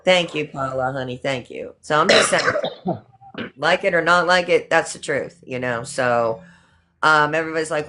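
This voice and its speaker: A woman's voice: deep voice, moderate pace, pushed and bright. A middle-aged woman hosting a casual livestream, talking indignantly and repeating her points for emphasis. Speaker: livestream host.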